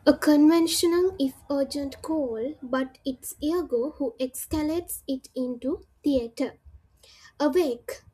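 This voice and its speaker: A woman teaching a literature lesson, explaining step by step, with frequent "uh" pauses and check-ins of "right?" and "okay?". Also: high-pitched, mellow, rough recording. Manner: frequent "uh" hesitations.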